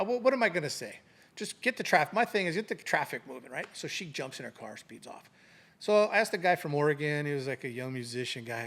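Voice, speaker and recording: Speaking on the high side with some vocal fry, this middle-aged man, once a police sergeant, tells a story casually in an interview. He brings it to life by imitating the people involved.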